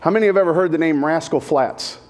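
A man with a high, light voice preaching a lighthearted sermon. He talks casually and jokes, and keeps turning to the congregation with questions to pull them in. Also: quick pace, darkish tone. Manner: jokey and conversational, addresses the congregation. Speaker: pastor. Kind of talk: humorous sermon.

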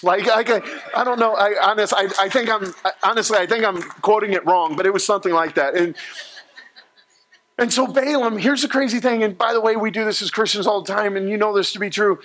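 A man preaching a sermon to a live congregation, telling a story in an animated, joking way and jumping between quoted voices. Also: high-pitched, fairly quick.

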